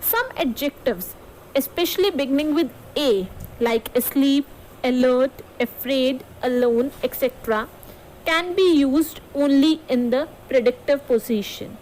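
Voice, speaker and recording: A woman's voice: high voice, unhurried, darkish tone, a little hiss or hum, low-quality recording. A woman teacher with an Indian English accent, explaining a grammar lesson step by step to students and often checking in with "okay". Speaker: school teacher.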